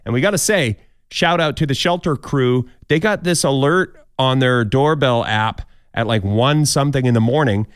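A man's voice: mid-range voice, normal speed, smooth, no room sound, studio quality. A man hosting a podcast countdown of odd news stories, with jokey, wry asides. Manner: jokey, wry asides, mock quoted voices. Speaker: podcast host.

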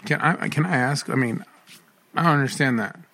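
A man's voice: mid-range voice, a little fast, creaky, sharp tone. A man co-hosting a podcast in casual, joking chat, often slipping into mock voices. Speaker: podcast co-host.

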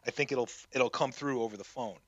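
A man talks animatedly as a podcast guest, laughing often and swearing casually. His voice is bright and forceful, recorded dry with a slightly muffled, lo-fi tone. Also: mid-range voice, fast, no echo. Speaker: guest prank caller.

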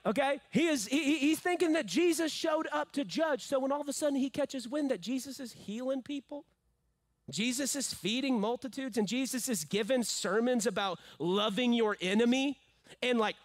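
High-voiced, emphatic male preacher. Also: no room sound. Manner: emphatic, swings from loud peaks to hushed low phrases, joking asides. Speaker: pastor. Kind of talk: sermon.

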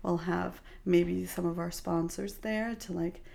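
A young woman from Germany co-hosting a podcast, chatting casually and getting excitable, with rambling asides. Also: lowish voice, measured pace, vocal fry. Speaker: podcast co-host. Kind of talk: casual chat.

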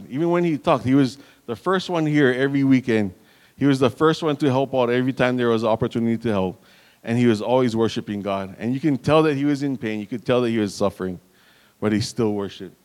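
A man preaching a sermon in an earnest manner, calling out to the congregation and restarting phrases as he goes. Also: mid-range voice.

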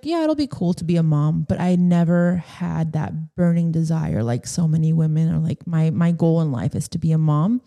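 A woman's voice: low-pitched, creaky, dark tone. A young woman hosting a solo podcast, talking in a rambling, emotional way and often losing her train of thought. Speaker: podcast host.

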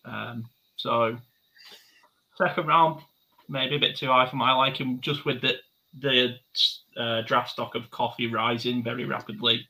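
Podcast guy with dry jokes, gravelly husky voice, really sharp edge. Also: medium pitch, steady tone, unhurried, low-quality recording. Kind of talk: casual podcast banter.

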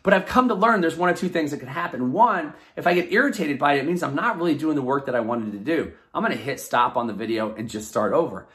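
A man hosting his own podcast, giving an energetic, casual motivational talk from a bedroom at home. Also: on the high side, quick pace, few pauses. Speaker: podcast host.

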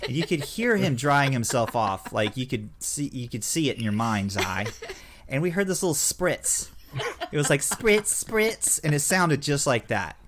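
A man's voice: medium pitch, sing-song, normal speed, a bit bright, a little hiss or hum. Laid-back man telling stories. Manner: laid-back storyteller, laughs while talking. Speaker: podcast co-host. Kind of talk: casual chat.

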